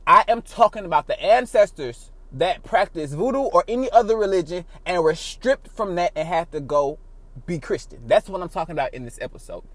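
A man hosting his own podcast, talking casually in a rambling, profane way with big swings in loudness. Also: high voice, lively intonation, fairly quick, no echo. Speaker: podcast host. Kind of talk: casual solo podcast monologue.

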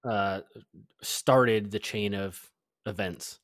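A man co-hosting a casual podcast who chimes in with short, relaxed remarks. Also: on the low side, takes it slowly, no room sound, clean studio sound. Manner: laid-back, brief interjections. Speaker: podcast co-host.

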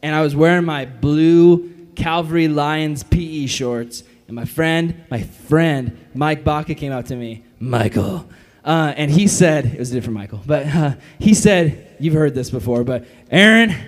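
A fairly high-voiced man giving a lively, casual youth sermon to a room of kids. He jokes and slips into silly voices to act out the people he quotes. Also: moderate pace. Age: adult. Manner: animated, jokey, acts out quotes in funny voices. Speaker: youth pastor.

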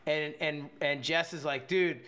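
A man's voice: a little high, steady tone, measured pace, bright, forceful tone. A young man casually telling a rambling story with lots of filler words and bursts of laughter. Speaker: podcast co-host telling a story.

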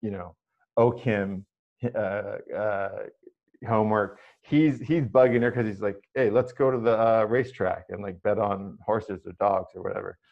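A man's voice: fairly low pitch, fairly even intonation, moderate pace, creaky. Hesitant male interviewer, dull audio. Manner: hesitant, rambling with fillers and restarts. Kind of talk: conversational interview.

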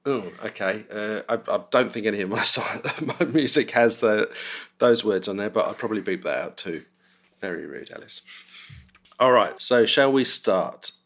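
A man's voice: lowish voice, normal speed, fairly bright tone. A middle-aged man co-hosting a podcast with his daughter, chatting casually in a jokey, self-mocking way. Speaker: podcast co-host, dad. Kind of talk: casual chat.

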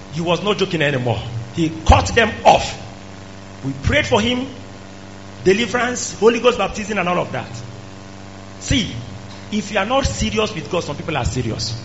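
Male preacher, high-pitched and emphatic; muffled lo-fi recording. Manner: emphatic, rising to shouts. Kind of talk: sermon. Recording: dull lo-fi recording with faint hum.

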